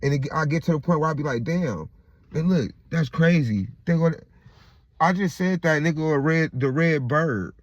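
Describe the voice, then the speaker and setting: A man's voice: a little high, brisk, dry recording, dull audio. A man venting straight to his viewers in a loose, profane monologue. He circles back over the same points and restarts phrases, and keeps tossing in "right?" and "you get what I'm saying?" The recording is dry and close. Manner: repeats himself and restarts mid-phrase. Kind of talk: casual venting monologue to the camera.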